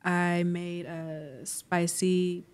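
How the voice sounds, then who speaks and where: A woman guest in a studio conversation, talking softly and hesitantly with many pauses and fillers. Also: on the low side, flat delivery, smooth. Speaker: guest musician. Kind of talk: casual conversation. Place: podcast studio.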